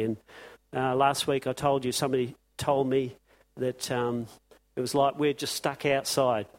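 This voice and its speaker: A man's voice: medium pitch, flat delivery, measured pace. A man preaching an impassioned sermon to his congregation, firing off rhetorical questions. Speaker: pastor.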